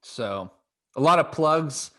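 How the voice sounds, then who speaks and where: A man's voice: fairly high pitch, expressive, slow pace, sharp tone. Golf podcast co-host, man, casual and chatty, restarts often, laughs easily. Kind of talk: casual chat.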